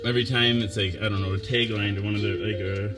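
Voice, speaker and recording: A man's voice: lowish voice, steady tone, quick pace. A man hosting a vlog, rambling casually, giggling and trailing off. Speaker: vlog host. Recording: echoey room, distant mic, music behind.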